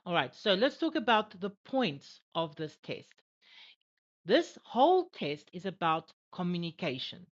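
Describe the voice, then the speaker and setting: A woman's voice: lowish voice, very animated, a little slow. A woman acting as an IELTS examiner and tutor in an online English lesson, encouraging and full of "all right" and "okay". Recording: dull lo-fi audio.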